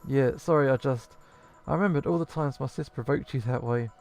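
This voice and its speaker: A man reading as a grieving, guarded woman from a video game, measured and plain. The voice is mellow and gravelly, over faint game music. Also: medium pitch, lightly acted. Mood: subdued. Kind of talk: reading game dialogue aloud.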